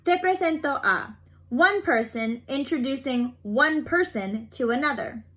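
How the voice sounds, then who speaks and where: A woman's voice: high-pitched, animated, a little slow, fairly bright tone. A woman teaching a beginner Spanish lesson online, explaining phrases patiently and leading repeat-after-me drills.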